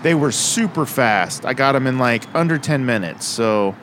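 A male co-host keeps a casual chat playful and joking, speaking at a moderate pace in an expressive, mid-range voice with a fairly bright tone. There's slight background noise.

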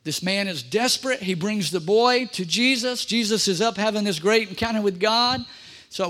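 A man's voice: sits high, normal speed, fairly bright tone. A man preaching a sermon as pastor, emphatic, repeating key phrases and speaking straight to the congregation.

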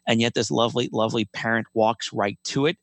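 A man's voice: mid-range voice, steady tone, fairly quick, a bit bright, no room sound. A middle-aged man, a podcast guest, telling a personal story emphatically and repeating key phrases.

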